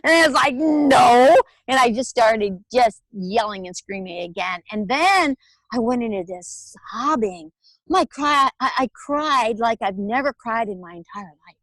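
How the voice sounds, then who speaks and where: A woman, telling her personal story as an interview guest in a candid, animated way. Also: on the high side, measured pace, no room sound. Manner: candid, animated storytelling with laughs and acted-out quotes. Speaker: guest, author and alternative healer.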